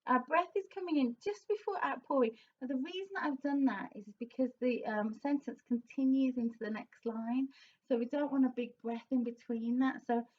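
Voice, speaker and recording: A high-pitched woman coaching singers in an encouraging, explanatory way and now and then singing a line to show it. Her voice is a little far from the mic, and the sound is slightly dull. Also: moderate pace, slight background noise. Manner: encouraging, breaks into sung demonstration lines. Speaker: vocal coach. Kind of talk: singing lesson, explaining and demonstrating.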